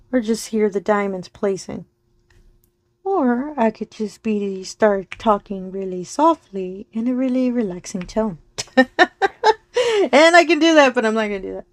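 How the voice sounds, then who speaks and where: A woman chatting casually while diamond painting on her craft channel, her voice going soft and slow as she focuses, with frequent giggles. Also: medium pitch, no echo. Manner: giggles often between remarks. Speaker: crafting vlogger.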